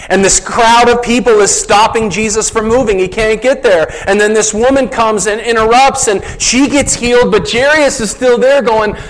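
A man's voice: sits high, steady tone, moderate pace, few pauses, rough recording. A man preaching a sermon as a pastor, conversational, asking the congregation rhetorical questions.

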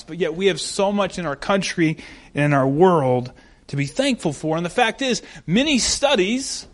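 A man's voice: sits high, a bit bright. A young man preaching a sermon as a pastor, enthusiastic and full of stories. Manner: enthusiastic, storytelling.

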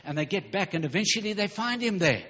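Male preacher, husky voice, emphatic and rushed, dull hall recording. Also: high voice, animated, pushed and bright. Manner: fervent, emphatic, rushing with stumbles. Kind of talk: sermon.

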